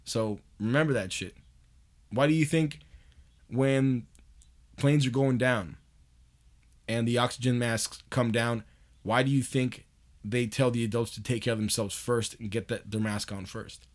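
A man's voice: mid-range voice, fairly even intonation, measured pace, long pauses. A man hosting a podcast in a loose, profane monologue, laughing often as he talks. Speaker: podcast host.

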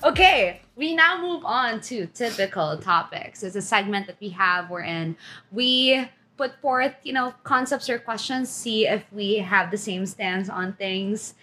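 A woman co-hosting a podcast in casual chat with her best friend, animated and teasing, often laughing. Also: mid-range voice, unhurried, faint music behind. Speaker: podcast co-host.

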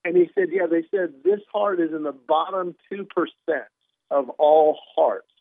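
A man, a comedian guest, telling a story in an animated, wry way and acting out the dialogue. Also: on the high side, measured pace, dry recording. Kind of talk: conversational storytelling. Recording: tinny phone line.

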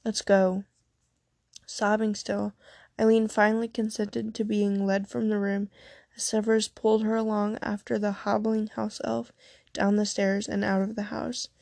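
A woman narrating a fan fiction story aloud in a steady, unhurried way. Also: medium pitch, vocal fry, no room sound, studio quality.

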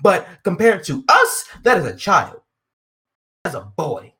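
A woman's voice: on the low side, big pitch swings, unhurried, a bit bright. A woman ranting in heated casual commentary, profane, indignant and emphatic.

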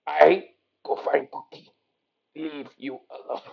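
A man voicing a cookie-obsessed male puppet monster who speaks in slow, broken caveman grammar. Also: fairly high pitch, highs cut off, pitched below the performer's own voice, heavily acted. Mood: greedy. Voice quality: gravelly.

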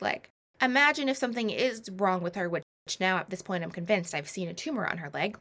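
A woman in her twenties telling a personal story in a casual, animated, self-mocking way, with many rambling asides. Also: medium pitch, a little fast. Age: 20s.

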